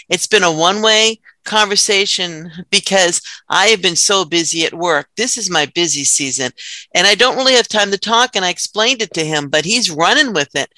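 A woman in her fifties co-hosting a dating podcast, telling stories in an animated, chatty way and laughing often. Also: medium pitch, no room sound, rough recording. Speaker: podcast co-host. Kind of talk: casual chat.

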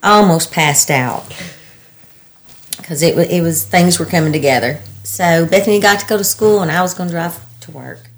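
A woman, telling her story as an interviewee in halting bursts full of restarts. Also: fairly low pitch, soft background music. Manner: halting, breathless retelling with restarts and laughter. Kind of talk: personal storytelling.

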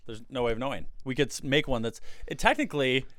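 A man's voice: medium pitch, expressive, a bit bright, no echo, studio quality. A man hosting a casual podcast chat, rambling and easygoing, with a co-host calling in by phone. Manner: rambling, easygoing, quick to laugh. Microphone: computer mic, with a co-host on a phone call.

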